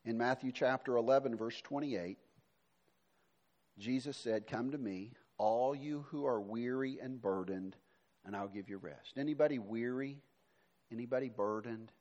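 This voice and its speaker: A male pastor, middle-aged, preaching a sermon, moving between emphatic lines and soft, hushed passages. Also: medium pitch, a little slow, lo-fi sound.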